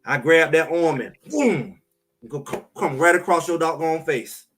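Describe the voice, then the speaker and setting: A man co-hosting a sports talk show in casual, emphatic chat, trash-talking and animated. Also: a little high, a little slow, a little hiss or hum.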